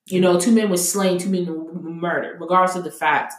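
A young adult woman co-hosts a casual podcast chat, her voice on the low side. She talks in an emphatic, heated way, full of fillers. The room around her is roomy and echoey. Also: steady tone, a little fast. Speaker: podcast co-host.

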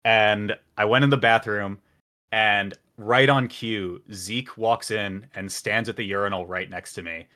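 Bright-voiced man telling a story. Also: on the low side, unhurried. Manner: jokey, animated storyteller. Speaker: podcast guest. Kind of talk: casual storytelling.

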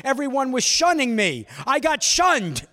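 A man playing an indignant elderly man who yells his loud, aggrieved complaints. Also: very high voice, sing-song, in a large hall, voice pushed up, heavily acted. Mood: aggrieved yelling. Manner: yelling, rapid complaints.

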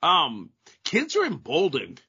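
A man's voice: fairly high pitch, wildly swooping pitch, slow pace, bright, forceful tone, husky, muffled recording. A middle-aged man co-hosting a podcast, chatting casually and rambling with lots of fillers. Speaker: podcast co-host. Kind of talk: casual chat.

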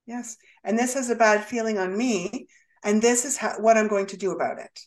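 A woman educator as an interview guest, speaking earnestly and reflectively with drawn-out phrasing. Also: fairly high pitch. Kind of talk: conversational interview.

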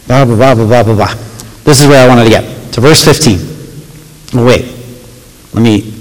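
A man's voice: mid-range voice, normal speed, pauses often. A man giving a casual, conversational sermon to a young audience, often checking in with "right?" and reading scripture aloud. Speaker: youth pastor. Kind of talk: youth sermon. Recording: long hall reverb.

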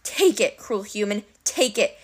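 A woman's voice: medium pitch, animated, unhurried, breathy edge. A woman voicing a huge male cyclops who swings between menace and whiny sobbing. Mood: pleading.

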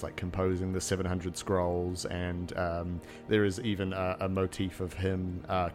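Deep-ish guy dming, lots of uhs and ums, soft music in the back. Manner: halting, full of fillers. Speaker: game master. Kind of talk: narrating a tabletop game.

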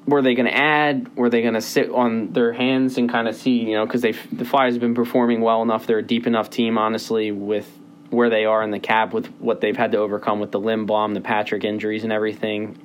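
A young man hosting a casual sports podcast, rambling with plenty of fillers. His voice is middle-pitched and he races through stretches in quick bursts. A faint hiss runs under the recording. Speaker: podcast host.

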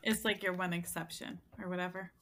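Bright-voiced woman, quick agreeing replies. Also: on the low side, little pitch movement. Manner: laughs often, short agreeing replies. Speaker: podcast host. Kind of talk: casual chat.

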